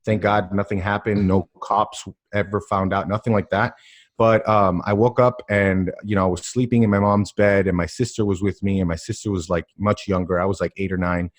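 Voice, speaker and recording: Low-voiced man telling a story. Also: brisk. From Miami area, US. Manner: animated, emphatic, many filler words. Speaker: podcast guest. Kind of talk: casual personal storytelling.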